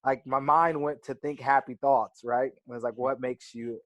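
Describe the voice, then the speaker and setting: Man, thirties, video call, animated storyteller, filler-heavy, dry sound. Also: mid-range voice, moderate pace, no room sound. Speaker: interview guest, former college wrestler.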